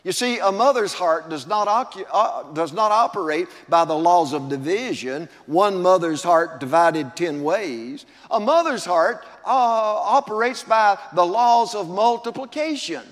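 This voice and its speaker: A man's voice: sits high, expressive, normal speed, hardly any pauses, a bit bright. An older man preaching a sermon as pastor, drawing out key words and building emphasis. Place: church sanctuary. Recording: long church reverb.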